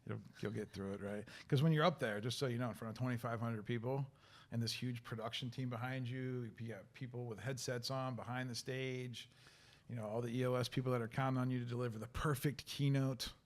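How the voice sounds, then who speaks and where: A man hosting a podcast, chatting casually with his guest in a playful, teasing and relaxed way. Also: medium pitch, a little fast. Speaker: podcast host. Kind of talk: casual interview chat.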